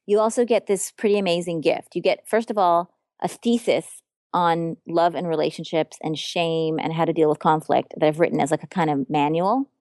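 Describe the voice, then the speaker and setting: Earnest woman relationship coach, lowish voice. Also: a little mellow, no echo, clean studio sound. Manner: earnest, emphatic, frank. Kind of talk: podcast interview.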